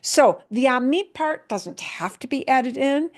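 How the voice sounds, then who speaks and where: A woman teaching a Spanish class online talks at a slow, unhurried pace. She explains each point patiently and says her examples over and over. Her voice comes through a video call. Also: high-pitched, expressive. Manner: patient, explains slowly with repetition.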